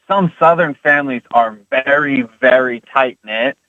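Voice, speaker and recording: A male caller to a radio show, speaking calmly and plainly. His voice comes through a muffled, dry phone line. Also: mid-range voice, measured pace, no room sound. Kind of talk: phone-in conversation.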